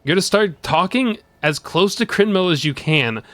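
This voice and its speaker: A man's voice: sits high, expressive, moderate pace, fairly bright tone. A man streaming a video game, playfully rambling and bantering with his chat and laughing often.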